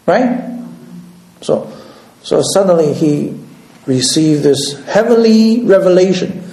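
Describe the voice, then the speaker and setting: Halting preacher with echo. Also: male voice, sits high, expressive, warm tone. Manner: halting, repeats words, second-language English. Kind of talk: sermon storytelling.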